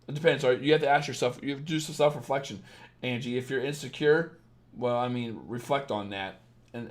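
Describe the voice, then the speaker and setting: A man in his thirties giving blunt, profane dating advice on a live stream, swinging from low asides into loud rants. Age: 30s. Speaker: dating coach.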